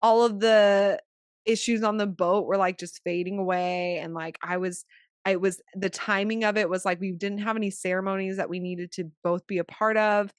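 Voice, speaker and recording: A chatty woman telling a story on a podcast, leaning on "like" constantly and swinging between hushed tones and excited bursts. Her voice sits at an ordinary middle pitch. The sound is dry and close, with no room echo. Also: moderate pace, smooth. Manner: chatty, fills speech with "like"; animated, shifting from hushed to excited. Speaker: podcast co-host; new mother. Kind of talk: casual storytelling.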